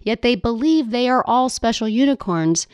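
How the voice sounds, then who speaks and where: A woman hosting a life coaching podcast who talks in a playful, animated way, laughing often and acting out whiny voices. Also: a little high, normal speed, smooth, dry recording, clean studio sound. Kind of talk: solo podcast monologue.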